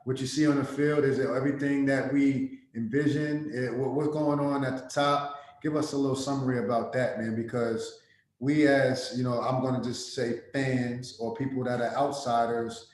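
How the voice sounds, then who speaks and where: A man's voice: mid-range voice, darkish tone. A man hosting a casual interview, laid-back and slangy. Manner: laid-back, slangy, calls guest bro. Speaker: podcast host. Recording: very echoey room.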